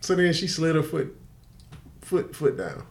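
A man's voice: on the high side, very animated, measured pace, gravelly. An older man telling a story in casual podcast chat, profane and laughing often. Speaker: podcast co-host.

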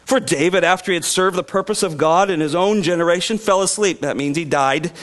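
A man preaching a sermon to his congregation, animated, acting out voices and chuckling now and then. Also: high-pitched, a little fast. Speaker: pastor. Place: church sanctuary.

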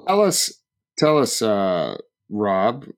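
A man hosting a sports talk show, relaxed and quick to laugh. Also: on the low side. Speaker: host. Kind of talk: casual sports chat.

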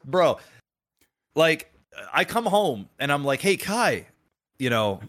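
A man in his thirties co-hosting a casual podcast, who tells stories with a lot of energy, swears, and jumps to a high voice when he quotes people. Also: takes it slowly. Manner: animated storyteller, acts out quotes in a high voice, swears. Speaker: podcast co-host. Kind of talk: casual chat.

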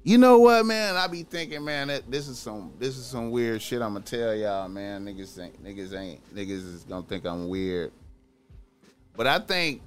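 A man giving profane, rambling casual commentary, repeating himself and breaking into high, incredulous outbursts. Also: expressive, moderate pace, faint music behind.

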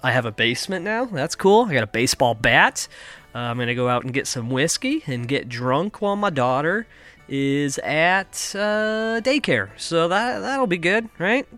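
A man's voice: fairly high pitch, expressive, normal speed, fairly bright tone, faint music behind. A young adult man from Kansas hosting a comedy podcast from his basement, rambling through a profane, self-mocking monologue. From United States (Kansas). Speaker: podcast host. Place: home basement.

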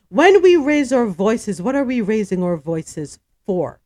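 A woman's voice: fairly high pitch, big pitch swings, unhurried, hardly any pauses, darkish tone, no room sound. Woman host reading the news casually, voice bouncing up and down a lot, dry close sound. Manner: chatty, asks co-hosts questions, stumbles over names.

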